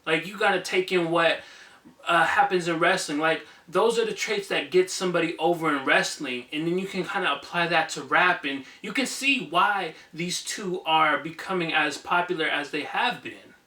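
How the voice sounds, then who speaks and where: Guy doing an album review on his channel, bright voice, bit echoey and off mic. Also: a little high, moderate pace, distant mic. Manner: enthusiastic, conversational, some fillers. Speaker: music reviewer, channel host. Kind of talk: casual spoken album review.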